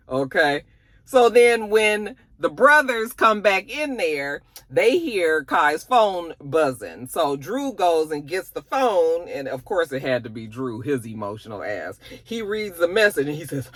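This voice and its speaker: A woman's voice: low-pitched, fairly bright tone, no echo. A woman giving a chatty, profane recap of a TV episode, acting out the characters' lines. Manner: chatty, profane, sassy storytelling. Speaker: TV episode reviewer.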